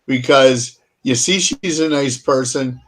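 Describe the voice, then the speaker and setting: Brief: relaxed male podcast co-host, mid-pitched voice, agreeable and unhurried. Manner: easygoing, agreeable, halting with fillers. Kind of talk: casual chat.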